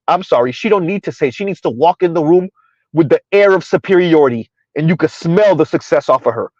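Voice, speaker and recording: A commentary host with a slightly high, a little mellow voice streams casually, speaking briskly with lively intonation. He argues through rhetorical questions, keeps repeating "who would have ever thought" and "right? huh?", talks about himself in third person, and answers viewer chat. The recording is dry and lo-fi.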